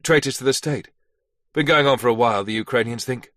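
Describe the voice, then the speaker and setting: A man's voice: medium pitch, brisk, a bit bright, dry recording, clean studio sound, lightly acted. A man voicing a curt male intelligence officer who speaks in clipped phrases.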